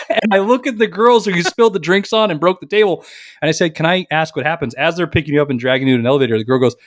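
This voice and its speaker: A podcast co-host tells a long story in casual chat, swearing freely and animatedly acting out what everyone said. His fairly high voice comes rapid-fire. The audio is studio quality with no echo.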